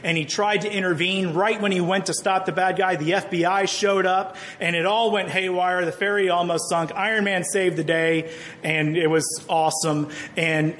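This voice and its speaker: High-voiced middle-aged pastor, conversational and joking, faint hiss behind. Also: male voice. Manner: conversational, joking, animated storytelling. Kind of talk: sermon.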